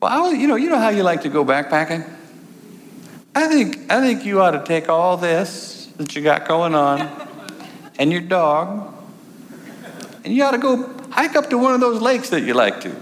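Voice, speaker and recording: A man's voice: sits high, very animated, moderate pace, long pauses, in a large hall, a little hiss or hum, pitched above the performer's own voice. A man voicing a candid woman who starts out hesitant and then presses eager advice on him. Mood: urging. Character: a candid, prodding woman visitor.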